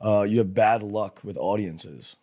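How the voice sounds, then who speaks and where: A man hosting a podcast, asking a guest relaxed questions in casual chat. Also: on the low side, measured pace. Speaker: podcast host.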